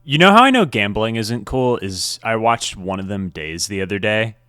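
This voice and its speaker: A deep, low-voiced man co-hosting a sports podcast, talking in a laid-back way with frequent laughs and casual swearing. The sound is close and dry, with no room around it. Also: expressive, moderate pace, sharp tone, clear, resonant tone, no room sound. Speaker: podcast co-host.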